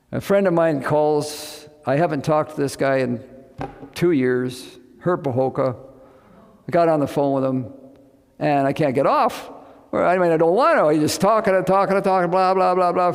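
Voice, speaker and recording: Man, folksy casual talk, gravelly, echoey hall. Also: a little high, darkish tone. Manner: chatty, folksy, often asks "you know what I mean". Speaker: medical missionary speaker. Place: indoor gathering with a live audience.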